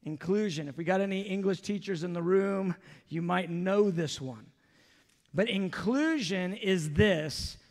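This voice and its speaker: A man preaching in a big church hall, his voice sitting high for a man. He talks to the congregation loosely and conversationally, dropping in casual asides. Long reverb trails off each phrase. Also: measured pace, darkish tone. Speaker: pastor. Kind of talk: sermon. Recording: long echo from a large hall.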